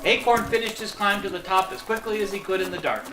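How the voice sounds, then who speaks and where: A narrator reading a children's storybook aloud in an expressive, lively storytelling manner. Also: medium pitch, fast talker, reverberant, over music.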